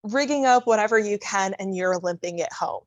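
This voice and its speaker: A woman's voice: mid-range voice, normal speed, dry recording, muffled recording. A woman talking casually as a podcast guest, telling stories with laughter. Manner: chatty, laughs often, storytelling. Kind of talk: casual conversation.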